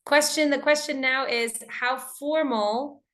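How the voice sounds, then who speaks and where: An American woman teaching an online English class, speaking in a friendly, energetic way and talking with her students through the chat. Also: high voice, slow pace.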